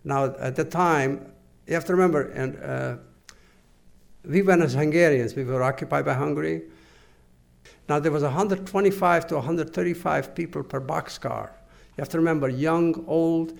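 An older man giving oral history testimony to an interviewer, halting and earnest, with many pauses and restarts. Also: a little high, vocal fry. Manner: measured, earnest recounting.

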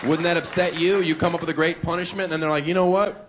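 A man's voice: a little high, fairly even intonation, fast, a loud crowd. A male stand-up comedian doing a brash, provocative routine with wry asides on a club stage, into a handheld mic. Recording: live club audience with noisy room.

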